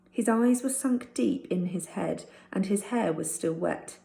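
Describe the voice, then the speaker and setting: A woman's voice: mid-range voice, unhurried, gravelly, few pauses, warm tone. A woman teacher reading a chapter of a storybook aloud to her class. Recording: roomy echo.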